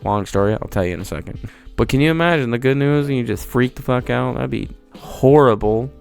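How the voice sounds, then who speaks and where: A man's voice: medium pitch, fairly quick, gravelly, darkish tone, soft background music. A young man giving a profane, rambling comedic monologue with mock disbelief. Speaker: video creator.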